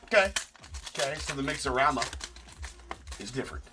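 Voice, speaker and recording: A man's voice: mid-range voice, very animated, a little fast, recorded from a distance, over music. A man hosting a livestream card break, chatty and opinionated as he calls out the cards.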